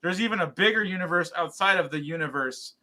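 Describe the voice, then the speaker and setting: Bright-voiced rambling man. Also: high-pitched, fast. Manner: animated, rambling with many fillers and restarts. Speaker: podcast co-host. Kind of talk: casual podcast chat.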